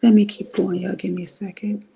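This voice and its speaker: A middle-aged woman from Cleveland giving blunt, profane, animated commentary on a livestream. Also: mid-range voice, fairly quick, creaky. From Cleveland, Ohio.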